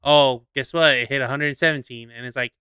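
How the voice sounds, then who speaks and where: A young man chatting casually on a podcast, animated and quick to slip into voices when retelling a skit. His voice is bright and crisp. The recording is dry and close. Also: mid-range voice, no room sound. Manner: animated storyteller, acts out skits with voices. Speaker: podcast co-host. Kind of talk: casual chat.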